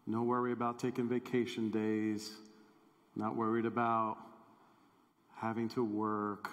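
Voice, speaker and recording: A man's voice: lowish voice, little pitch movement, takes it slowly. A male pastor preaching in a playful, conversational way, speaking directly to his audience. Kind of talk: sermon. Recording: long hall reverb.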